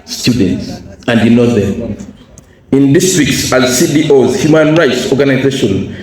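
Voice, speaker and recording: A man's voice: medium pitch, lively intonation, measured pace, a little mellow. A man giving a motivational talk to students, emphatic, asking the audience questions and repeating key phrases. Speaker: guest speaker; educationalist. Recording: echoey hall, speaker far from mic.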